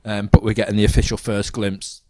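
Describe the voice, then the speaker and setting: A man's voice: on the low side, fairly quick, dry recording. Casual young man, dry mic. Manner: animated, swearing, trailing restarts. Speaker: podcast co-host. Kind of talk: casual film chat.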